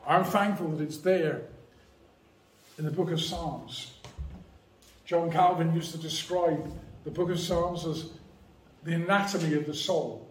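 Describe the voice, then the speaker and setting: A man preaching a sermon in a church, measured and emphatic, leaning hard on key phrases. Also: fairly high pitch, steady tone. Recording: echoey church hall, mic at a distance.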